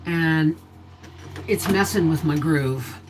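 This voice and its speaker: A middle-aged woman with a deep voice hosts a casual homestead livestream from her home, speaking slowly over heavy background noise. She chats, reads viewer comments aloud, and uses baby talk with her dog, all picked up on a desktop mic indoors.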